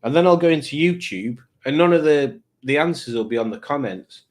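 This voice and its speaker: A man's voice: a little high, expressive, brisk. A man hosting a live stream in casual chat, reading out viewer comments in a rambling, self-mocking way.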